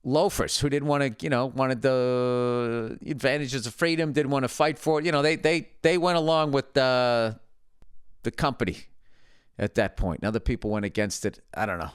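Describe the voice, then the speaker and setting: Profane, rambling middle-aged comedian. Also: male voice, mid-range voice, a little fast, smooth, no echo, clean studio sound. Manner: profane, digressive, self-mocking. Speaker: podcast host. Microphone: podcast studio mic.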